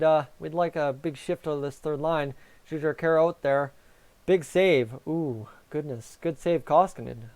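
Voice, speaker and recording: A young man giving nervous, excitable live reaction commentary on a hockey game and talking to his chat. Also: high voice, smooth. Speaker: fan streamer.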